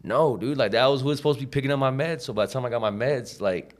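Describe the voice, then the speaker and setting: A man's voice: medium pitch, fast talker. A man, a podcast guest, telling his story in a casual, profane, slangy way, full of "like" and "you know," acting out the people he quotes.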